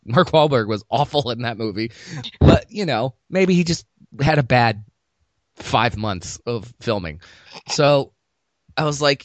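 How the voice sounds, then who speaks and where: Animated man in sarcastic casual chat. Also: mid-range voice, no room sound. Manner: animated, sarcastic, laughs often. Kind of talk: casual chat about movies.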